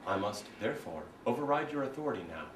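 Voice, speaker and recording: A young man voicing a calm, coldly polite male ship computer in a smooth, quietly menacing tone. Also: mid-range voice, fast, noisy background, voice pushed down, close to an everyday voice. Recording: roomy hall, distant mic.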